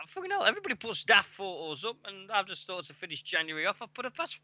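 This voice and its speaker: A man's voice: high-pitched, big pitch swings, a little fast, pushed and bright, dry recording. A man in his forties hosting a radio show on a headset mic, chatting casually with lots of swearing and rambling. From England. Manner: sweary, rambling, laughing at himself.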